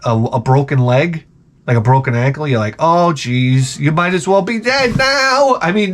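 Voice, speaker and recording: A man hosting his own vlog, telling a crude comic story in a rambling way with loud outbursts. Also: on the high side, slight background noise. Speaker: vlog host.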